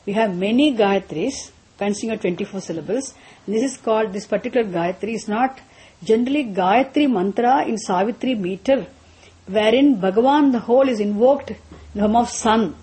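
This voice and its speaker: A woman teaching a class on Sanskrit mantras. She explains patiently, often repeats and restarts her phrases, and chants some lines slowly. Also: mid-range voice, mellow.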